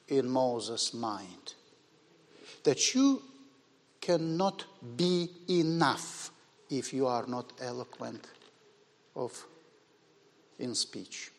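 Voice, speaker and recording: Non-native English-speaking male preacher, high and unhurried, shifting from hushed to forceful, long church-hall echo. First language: not English. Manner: swings between quiet musing and loud emphatic bursts. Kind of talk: sermon.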